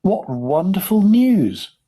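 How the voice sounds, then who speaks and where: A man's voice: fairly low pitch, takes it slowly, gravelly, slightly rough, heavily acted. A man playing a hearty old grandfather. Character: old grandfather, joyful and lively.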